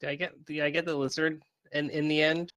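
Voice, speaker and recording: Brief: male player, slightly high voice, relaxed table chat. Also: brisk, dry recording. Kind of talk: casual tabletop game chat.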